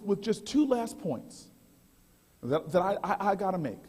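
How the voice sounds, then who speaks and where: High-voiced, husky man speaking in a reverberant hall. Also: normal speed, a faint crowd. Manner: animated, humorous storytelling with frequent restarts. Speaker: keynote speaker. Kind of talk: storytelling speech. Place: large banquet hall. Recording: echoey hall, heavy reverb.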